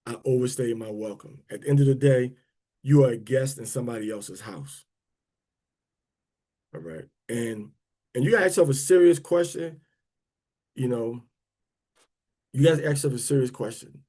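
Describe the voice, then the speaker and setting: Speaking at a moderate pace with frequent pauses, this man has a mellow mid-range voice. He addresses his prayer and teaching livestream audience in a rambling, conversational way, full of restarts and drawn-out emphasis.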